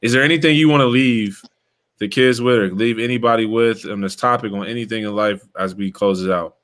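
A young man hosting a casual chat, telling a story in an animated, slangy way and calling his listener bro. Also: fairly low pitch, a little fast. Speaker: podcast host, former player.

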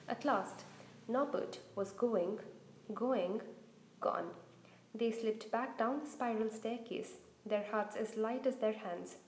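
Expressive woman reading a story aloud. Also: a little high. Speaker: reader. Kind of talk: reading a children's novel aloud. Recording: roomy echo.

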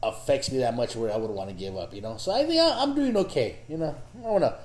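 A man's voice: medium pitch, big pitch swings, fast, a little mellow. An easygoing man hosting a podcast in casual chat, often repeating words as he starts sentences, in a roomy room. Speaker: podcast host.

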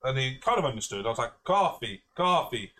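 A man's voice: medium pitch, very animated, rapid-fire, pushed and bright. A man, a podcast co-host, telling a rambling self-mocking story in casual chat, swearing freely and laughing often.

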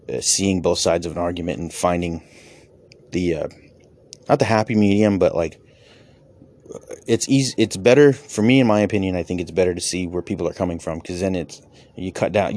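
This low, mellow male voice belongs to a stand-up comic and podcaster who has kids of his own. He reflects casually on personal matters, wandering from point to point, speaking frankly and swearing here and there.

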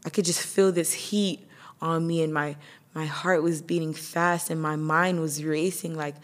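A woman's voice: deep voice, steady tone, unhurried. A young woman hosting a podcast, telling a painful personal story candidly and emotionally, with nervous laughs. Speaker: podcast host.

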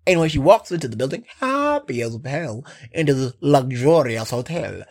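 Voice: mid-range voice, big pitch swings, moderate pace, few pauses, darkish tone. A casual, sarcastic film recap that rambles with frequent asides, swears, and then apologizes for it. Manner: sarcastic, rambling, keeps saying "anyway".

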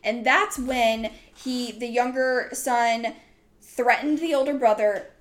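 A young woman hosting a chatty podcast recounts a story at length, her voice sitting a little high. She rambles, circling back with lots of "like" and "um" as she goes. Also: steady tone, slow. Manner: rambling, full of "like" and "um". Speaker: podcast host. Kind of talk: casual storytelling chat.

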